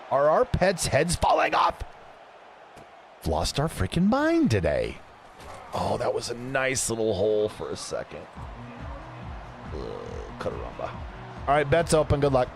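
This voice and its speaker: A man chatting casually with his live-stream audience while playing a game, joking and reading chat messages aloud. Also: mid-range voice. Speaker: gaming streamer.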